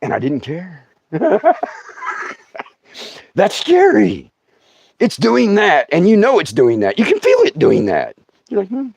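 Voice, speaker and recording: A man's voice: sits high, huge pitch swings, measured pace, creaky, darkish tone, no echo, dull audio. A middle-aged man telling a comic story on a livestream, stammering, laughing often and putting on voices. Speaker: comedian. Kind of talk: storytelling stand-up.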